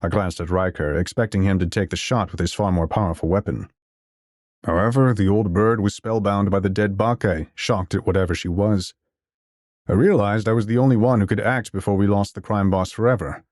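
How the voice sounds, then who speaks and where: A man narrating a science fiction audio drama in the first person, in a steady, measured storytelling manner. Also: fairly low pitch, dry recording, clean studio sound.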